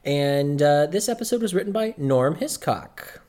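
A man's voice: on the high side, animated, unhurried, a little mellow. A man co-hosting a podcast in casual chat, rambling loosely and swearing freely. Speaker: podcast co-host.

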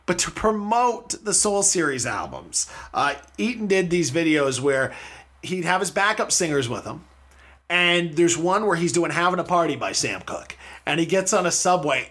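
A man's voice: on the high side, a bit bright. A man hosting a casual podcast, chatty and laughing often as he wanders between topics. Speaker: podcast host.

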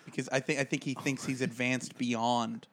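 A man's voice: mid-range voice, level tone, moderate pace, a bit bright. A man co-hosting a casual comedy podcast, joking and riffing between his anecdotes. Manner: jokey, riffs into silly bits. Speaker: podcast co-host.

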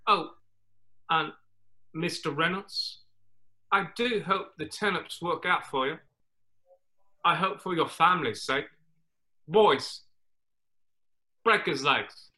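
A man's voice: a little high, full character voice. Tom Nook, a man doing a Cockney raccoon mobster. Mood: cold. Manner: slow, quietly threatening, clipped broken grammar. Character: menacing raccoon loan-shark mogul, male, cold and threatening. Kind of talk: comedy sketch table read over video call.

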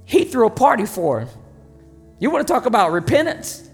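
A preacher delivers a sermon in a casual, emphatic voice at a medium pitch. The talk moves quickly and swings between loud outbursts and quiet asides. Soft music plays faintly underneath. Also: big pitch swings. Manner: conversational and emphatic, with sudden swings in volume.

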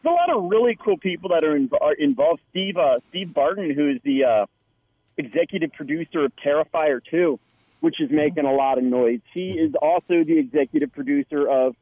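A man's voice: fairly high pitch, animated, brisk, no room sound. Man telling stories over a tinny phone line. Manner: chatty storyteller with many restarts. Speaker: actor and guest. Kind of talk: casual interview anecdote.

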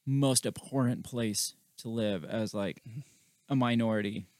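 A man's voice: on the low side, measured pace, darkish tone, dry recording, studio quality. A man co-hosting a podcast in casual chat, talking with a wry, sarcastic edge. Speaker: podcast co-host.

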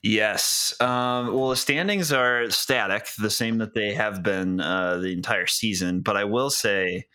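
A man with a very low voice that still sounds bright and forward talks sports in an easygoing way. His humor is dry and relaxed. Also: a little slow, few pauses, clean tone. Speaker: podcast co-host tracking standings. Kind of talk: casual sports chat.

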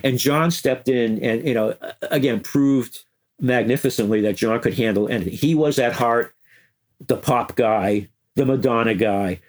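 Older man, medium voice, chatty interview guest, animated storyteller. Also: mid-range voice, normal speed. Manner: animated, chuckling storyteller who breaks into quoted voices. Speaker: interview guest, former music news editor.

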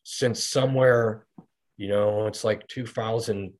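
A man's voice: lowish voice, steady tone, slow, darkish tone. A middle-aged man, a podcast guest, talking casually and rambling through his stories with frequent restarts and fillers. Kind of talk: casual conversational storytelling.

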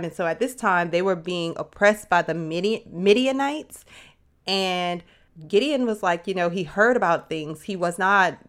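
A woman's voice: fairly low pitch, a bit bright. A woman giving a casual Bible teaching, talking conversationally and acting out Bible figures in everyday speech. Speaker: host of a faith series for women.

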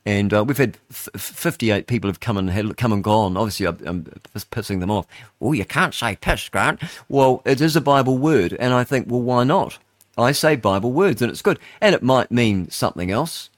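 A man's voice: medium pitch, animated, brisk, dry recording, clean studio sound. An older man hosting a talk-radio show, rambling and chatty with lots of fillers and restarts. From New Zealand. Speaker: radio host. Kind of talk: casual talk-radio monologue.

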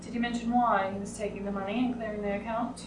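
A woman playing her character in a tabletop game, speaking softly and reassuringly. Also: mid-range voice, level tone, fast. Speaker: player. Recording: echoey room, mic far off, noise.

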